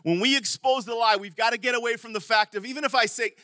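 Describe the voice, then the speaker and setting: A middle-aged man preaching a sermon as pastor, animated, with sudden emphatic bursts and some stumbling over words. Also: very high voice, fast talker, no room sound, clean studio sound. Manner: stumbles and repeats words at times.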